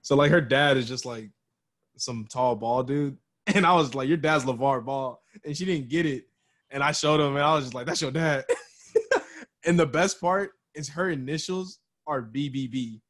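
A man's voice: medium pitch, moderate pace, a bit bright. A young man in casual chat, bantering loosely with lots of slang and frequent laughter.

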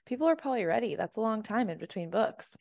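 A woman hosts a casual podcast interview, upbeat and full of "like" and "yeah." Her voice is at a middle pitch. The sound is dry and close to the mic. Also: lively intonation, fast talker, gravelly, darkish tone, dry recording. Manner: upbeat, uses "like" often, frequent affirmations. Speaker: podcast host.

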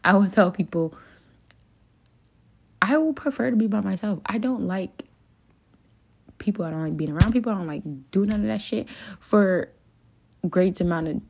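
On her podcast, a young woman rambles and vents in a confessional solo monologue, swearing a lot and leaning on fillers like "like" and "um." Her mid-range voice is creaky, husky and a little mellow, moving at normal speed with frequent pauses.

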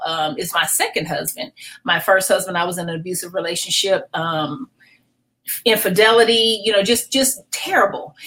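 Middle-aged woman pastor, podcast guest; emotional, animated testimony, frequent restarts. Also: medium pitch, rough recording. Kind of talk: personal testimony in a podcast interview.

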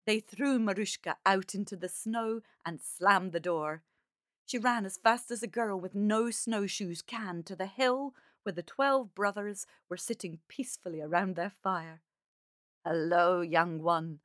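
A woman reading a fairy tale aloud as a calm, measured storyteller. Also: mid-range voice, no echo, studio quality.

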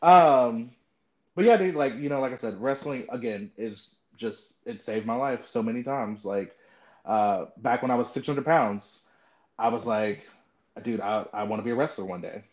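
A man in the host seat of a casual podcast, middle-pitched, telling stories with plenty of "you know" and "like". He acts out the people in his stories, and the track sounds dull and a bit lo-fi. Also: moderate pace. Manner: animated storyteller, acts out quoted voices. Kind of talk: casual chat.

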